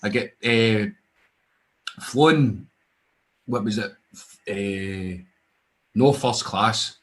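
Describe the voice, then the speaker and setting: A man's voice: on the low side, very slow. A young Scottish man, a wrestler, telling stories in casual chat with lots of swearing, acting out the other voices in his anecdotes. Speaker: guest wrestler.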